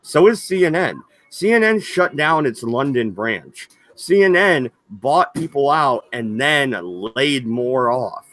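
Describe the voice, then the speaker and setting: A man co-hosting a casual livestream at a slow, unhurried pace, with a mid-pitched voice. He reads out the chat and comments on it, pausing often on hesitant ums. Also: expressive, a bit bright, no echo. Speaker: co-host reading chat.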